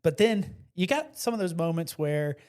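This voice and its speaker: Excitable guy from south louisiana, fairly high voice, tells stories and acts out the quotes. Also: normal speed, clear, resonant tone. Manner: animated storyteller, acts out quotes; passionate, excitable. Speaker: podcast guest. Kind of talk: casual interview chat.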